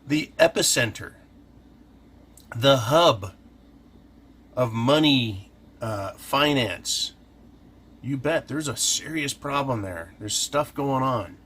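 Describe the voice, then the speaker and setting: A man's voice: medium pitch, lively intonation, takes it slowly, long pauses, a bit bright, breathy edge. A man hosting a casual commentary, talking through his points by asking and answering his own questions. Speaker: host.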